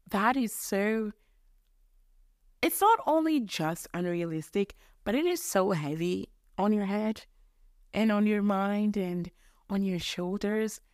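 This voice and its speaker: In a mid-range voice, a young woman from Mozambique runs a solo podcast from her bedroom, rambling through a casual, self-deprecating rant with some casual swearing. The studio-quality recording has no room sound.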